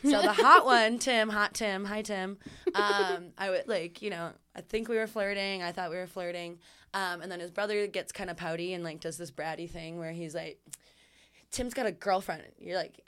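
A woman telling a story in casual chat, animated and laughing, acting out what people said. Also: on the low side, normal speed, clean tone. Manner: animated, laughing, acts out quotes. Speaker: guest storyteller.

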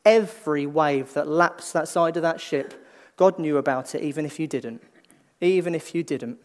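High-pitched guy giving a chatty sermon, restarts a lot, goes quiet and slow for emphasis. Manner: swings between lively emphasis and hushed, slow delivery; repeats and restarts phrases as he thinks aloud. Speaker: preacher. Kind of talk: conversational sermon.

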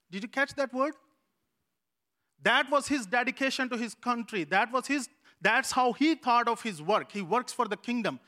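A man's voice: very high voice, expressive, moderate pace, bright, forceful tone. A man preaching a sermon as a pastor. He tells a personal story earnestly and repeats phrases for emphasis. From Pakistan.

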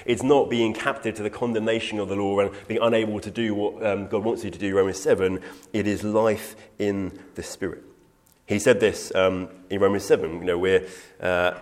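A man teaching through a Bible passage in an earnest, emphatic way, quoting scripture and taking questions. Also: on the low side. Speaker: preacher.

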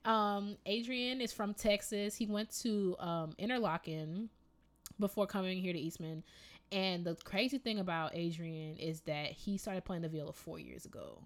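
A young woman in her twenties co-hosting a casual podcast chat, animated and slangy, laughing often. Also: lowish voice, moderate pace. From Jamaican family ties. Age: 20s. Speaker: podcast co-host.

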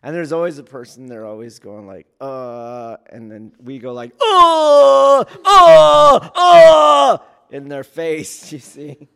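A man, a police academy instructor, explaining training in a casual teaching talk, checking in often with his listeners and acting out loud shouts. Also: medium pitch, normal speed, hardly any pauses. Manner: keeps checking in with "do you see?"; acts out trainees and yelling officers in sudden loud bursts.

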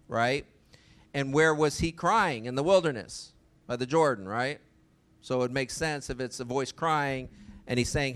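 A man's voice: on the high side, measured pace, clear, resonant tone. A man preaching a sermon in a conversational way, often asking the listeners rhetorical questions.

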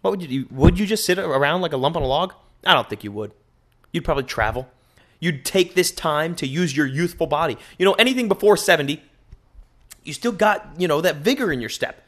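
A man hosting a solo podcast, rambling in an animated, profane way into a microphone. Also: a little high, a little fast. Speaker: podcast host.

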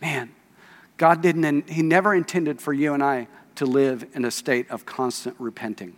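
With a medium-pitched, steady voice at a moderate pace, a man preaches a sermon in a reverberant church sanctuary, its long hall echo audible throughout. This pastor keeps things conversational, reading scripture aloud and questioning the congregation.

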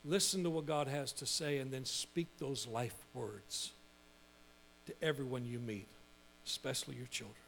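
A middle-aged man preaching a sermon as pastor, lively and emphatic, building points through repetition. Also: mid-range voice, moderate pace, creaky, a little hiss or hum.

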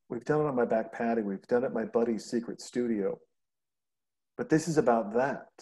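Mellow-voiced man telling rambling stories. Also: medium pitch. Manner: rambling, animated storytelling, swears freely. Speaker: podcast host. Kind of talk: casual conversation.

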